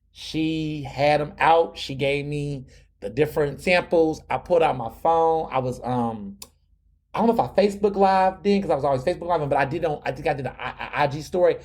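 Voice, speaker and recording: Casting note: young adult male podcast host, slightly higher voice, loose conversational storytelling with restarts and slang. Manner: chatty, repeats words and restarts often, slangy. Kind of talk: casual storytelling monologue.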